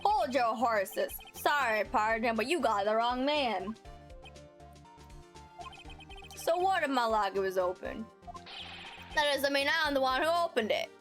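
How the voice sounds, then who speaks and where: Brash game sheriff with a lazy drawl, read by a woman, bright high-ish tone. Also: faint music behind, natural voice. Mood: stubborn. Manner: slow drawl. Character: drawling cowboy sheriff man, brash and stubborn.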